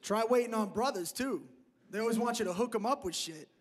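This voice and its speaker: Brash high-voiced male stand-up comic. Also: fairly quick, background noise. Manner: brash, profane rants. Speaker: stand-up comedian. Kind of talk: stand-up comedy set. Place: comedy club stage. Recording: comedy club stage, loud audience laughter.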